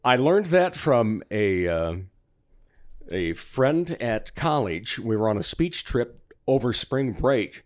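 Animated man telling a joke on air. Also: mid-range voice, dry recording, studio quality. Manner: animated storyteller, rapid spelling patter, laughs often. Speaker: guest performer and podcaster. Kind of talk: casual studio chat, telling a long joke. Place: radio studio. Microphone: studio microphone.

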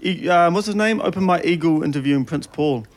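A man co-hosts a podcast over a video call, teasing the others and swearing a lot. He talks fast in a voice that sits a little high. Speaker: podcast co-host.

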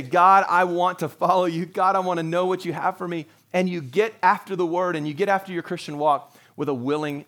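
Male pastor, middle-aged, high voice, chatty sermon delivery that slips into quick voiced asides. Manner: conversational, acts out quotes in little voices.

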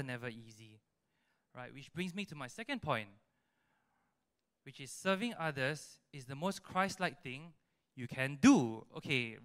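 A man with a Singaporean English accent preaches with animated energy, checking in with his listeners again and again. His voice sits fairly high and sounds crisp and bright. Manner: animated preaching with frequent "right?" and "you know" tags. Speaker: youth preacher. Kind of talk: sermon. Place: church service hall.

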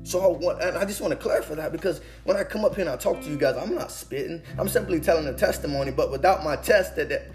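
A man's voice: a little high, fast, few pauses. A young man giving an inspirational testimony talk, speaking with an earnest, preaching cadence that repeats phrases. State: emotional, holding back tears. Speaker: motivational speaker. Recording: faint guitar music behind. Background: soft guitar music.

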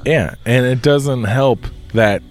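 A man's voice: mid-range voice, slow, faint music behind. A man, co-hosting a podcast in a laid-back casual chat, often answering with short agreements. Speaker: podcast co-host.

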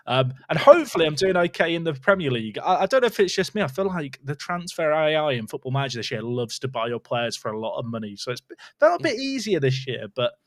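A man's voice: fairly high pitch, big pitch swings, fast talker, few pauses, no room sound. A man chatting on a podcast as a guest, laughing often and mocking himself. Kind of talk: casual chat.

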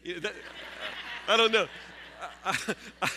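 A man preaching a sermon, halting and repeating words, joking with his listeners. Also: high-pitched, bright, forceful tone, a little hiss or hum. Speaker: pastor. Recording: long hall reverb.

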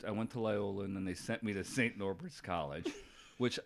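A man's voice: on the low side, normal speed. A middle-aged man hosting a podcast, telling stories in casual chat with lots of laughter. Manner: animated, laughing storyteller. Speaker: podcast host.

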